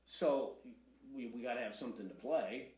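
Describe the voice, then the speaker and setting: A man who is the guest in an interview, speaking in a relaxed, low-key way. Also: normal speed, roomy sound. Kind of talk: casual interview talk.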